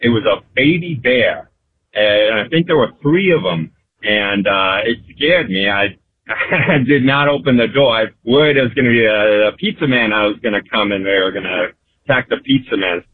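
Low-voiced man calling in by phone. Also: animated, normal speed, breathy edge, dry recording. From California, USA. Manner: chuckling, rambling. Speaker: caller. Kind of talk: phoned-in storytelling. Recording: phone line.

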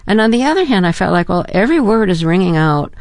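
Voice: mid-range voice, sing-song, fast talker, no echo, clean studio sound. An interview host asking an actor long, conversational questions, with frequent ums and likes.

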